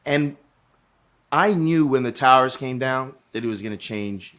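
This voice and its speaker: A man's voice: medium pitch, measured pace, fairly bright tone. A man in casual podcast chat, telling travel stories in a rambling way with frequent swearing. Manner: rambling, swears, restarts often. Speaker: guest.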